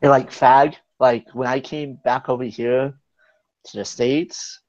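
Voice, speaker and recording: A man's voice: medium pitch, fairly even intonation, slow pace. A man telling a casual anecdote in group chat. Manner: storytelling, casual. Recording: dull lo-fi sound.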